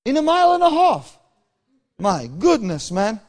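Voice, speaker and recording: High-voiced man preaching. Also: wildly swooping pitch, unhurried, darkish tone. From South Africa. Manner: storytelling, acting out dialogue with chuckles. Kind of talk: sermon.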